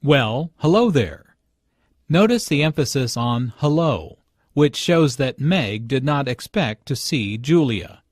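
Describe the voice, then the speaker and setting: A man's voice: medium pitch, expressive, no echo, studio quality. A man narrating language notes for an English lesson in an explaining tone. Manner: slow, explaining tone. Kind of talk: scripted narration.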